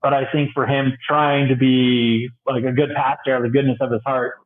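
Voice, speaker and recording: A man's voice: medium pitch, a little fast. A young man, a bi-vocational youth pastor, chatting casually as a podcast guest and acting out the voices in his stories. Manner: animated storyteller, acts out quoted voices, laughs often. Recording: tinny phone-like line.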